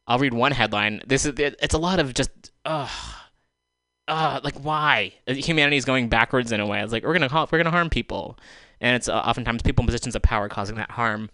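A man's voice: medium pitch, quick pace, bright, forceful tone, dry recording. A male radio host giving solo commentary in a studio, exasperated and sarcastic, swearing as he vents, speaking into a handheld microphone. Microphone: handheld microphone taken off the stand.

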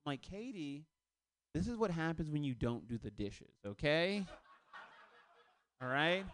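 A man in his thirties doing a loose stand-up set on a club stage, with shouted punchlines. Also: a little high, animated, measured pace. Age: 30s. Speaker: stand-up comedian.

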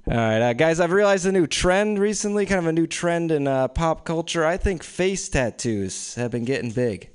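A young man in his twenties telling casual, deadpan stand-up stories at an open mic. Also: fairly high pitch, moderate pace, hardly any pauses, clear, resonant tone. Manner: casual, deadpan storytelling with frequent laughs. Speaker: stand-up comedian. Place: small room with few people. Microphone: stage microphone.

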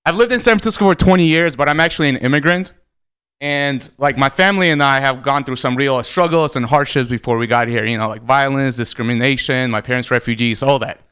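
Comedian guy from armenia, bright sharp voice, hits every punchline hard. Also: mid-range voice, fairly quick, clean tone. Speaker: stand-up comedian. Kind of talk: stand-up set.

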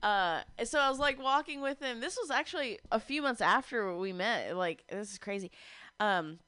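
A woman's voice: fairly high pitch, animated, normal speed, bright, forceful tone, smooth. A woman telling a long, rambling story on a radio show, laughing often as she goes. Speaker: radio guest. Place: radio studio.

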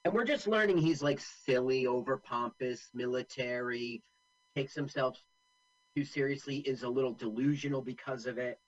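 A man's voice: mid-range voice, moderate pace, muffled recording. A man co-hosting a casual movie commentary, chatty and full of film trivia. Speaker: co-host.

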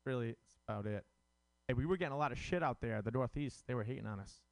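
A man's voice: mid-range voice, quick pace, vocal fry, no room sound. A man from Rhode Island doing a rambling, self-mocking stand-up set, full of fillers. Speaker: stand-up comic.

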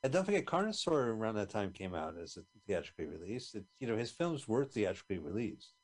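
Lower-voiced man reminiscing casually. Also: sing-song, fast. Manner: chatty, reminiscing, hesitant restarts. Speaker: podcast co-host. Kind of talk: casual chat watching a film.

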